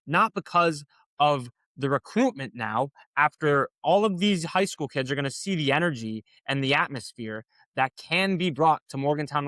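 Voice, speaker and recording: A man with a bright, forceful voice riffing on sports as a podcast host, slightly high for a man. He rambles with restless passion, swears freely and leans on filler words. The sound is dry and close. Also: dry recording. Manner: passionate, rambling, profane, lots of "like". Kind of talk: casual sports commentary.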